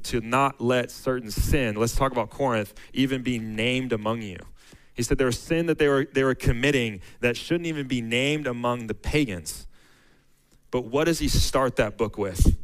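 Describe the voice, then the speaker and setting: A man's voice: medium pitch, clear, resonant tone, low-quality recording. A man preaching a sermon to his church, casual and conversational, often restarting phrases and reading scripture aloud with rising emphasis.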